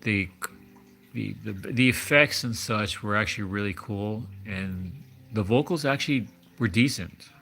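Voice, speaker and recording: A man's voice: fairly low pitch, measured pace, gravelly, a bit bright. A man hosting a livestream, chatting casually in a rambling, hesitant way with many restarts. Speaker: livestream host. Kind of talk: casual chat.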